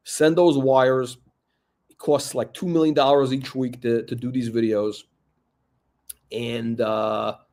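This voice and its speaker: A man's voice: mid-range voice, a little mellow. A man hosting a watch channel, ranting in a mocking, rambling way with lots of fillers. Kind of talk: mocking commentary rant.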